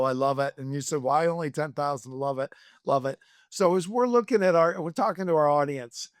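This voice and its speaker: A man's voice: a little high, no echo, studio quality. Enthusiastic man hosting a podcast. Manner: enthusiastic, rambling storytelling. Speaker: podcast host. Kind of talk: casual interview.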